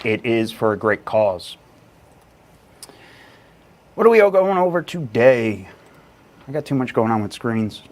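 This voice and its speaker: A man's voice: medium pitch, sing-song, measured pace, long pauses. A man hosting a casual live stream about real estate, talking energetically with lots of fillers and rambling asides. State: a little out of breath.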